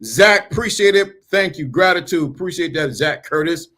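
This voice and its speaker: A blunt man in his fifties speaking hosts his own channel and lectures in a preachy, repetitive way. He mocks the people he is turning away and keeps circling back to the same lines. His voice sits a little high for a man. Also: expressive, moderate pace, sharp tone. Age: 50s. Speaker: channel host. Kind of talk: blunt motivational monologue.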